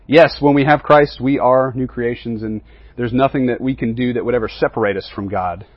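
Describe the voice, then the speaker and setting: Husky-voiced man teaching a Bible lesson. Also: medium pitch, a little fast, dry recording, dull audio. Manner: keeps asking the group questions and checking in with "right?" and "okay?".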